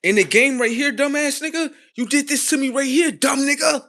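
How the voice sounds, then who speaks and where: A man doing a shrill gloating taunter. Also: brisk, full character voice. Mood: mocking. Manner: taunting, high and loud. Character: gloating man mocking someone who wronged him.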